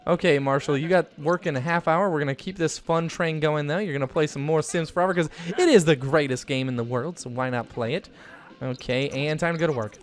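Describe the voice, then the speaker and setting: A man giving casual, chatty commentary while playing a life-simulation game, getting excited and jumping up in pitch when something good happens. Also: a little fast. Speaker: gaming YouTuber. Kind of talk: casual let's-play commentary.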